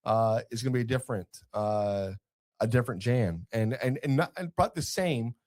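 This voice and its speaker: A man's voice: medium pitch, brisk, darkish tone, no echo, studio quality. A man with a Texan accent co-hosting a barbecue podcast in casual chat, rambling with many fillers and restarts. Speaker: podcast co-host.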